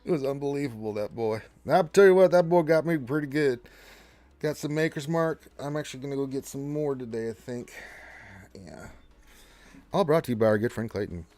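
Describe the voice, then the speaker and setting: A man hosting a casual gaming livestream from home on a close desk mic, chatty and excitable, talking to himself as he plays. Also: mid-range voice, brisk. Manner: excitable, chatty, talks to himself while playing. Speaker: livestream host.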